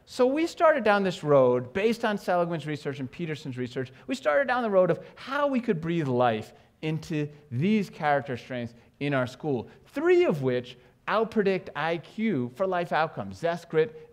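A man from New York giving an animated conference talk on stage, joking with the audience and asking it questions. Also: fairly high pitch, measured pace. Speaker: education speaker.

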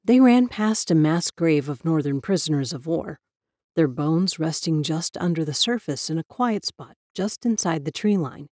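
A woman narrating a spooky story in a measured storytelling manner. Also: deep voice, animated, a little mellow, no echo, studio quality. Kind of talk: scripted narration of a ghost story.

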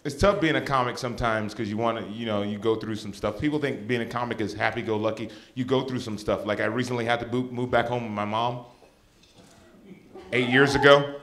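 A male stand-up comedian telling an animated story on a comedy club stage. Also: medium pitch, a little fast. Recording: live stand-up with crowd laughter.

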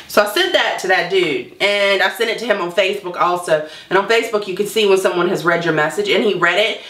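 A woman's voice: fairly low pitch, pushed and bright, reverberant. A woman vlogger telling a personal story to camera in a candid, chatty and wry way.

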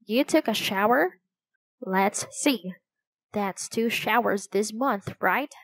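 A woman's voice: medium pitch, slow, dry recording. A woman reading the part of an eager, helpful young boy in a storybook, in a friendly, slightly raised voice.

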